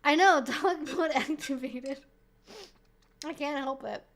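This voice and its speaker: A woman's voice: high voice, slow pace, slight background noise. A young woman hosting a casual live-stream Q&A, rambling and swearing freely, laughing often and sounding slightly tipsy.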